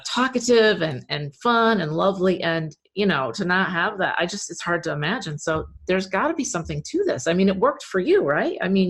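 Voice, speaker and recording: A woman hosting an interview podcast, candidly sharing personal experience in an earnest, conversational way. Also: fairly low pitch. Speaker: podcast host.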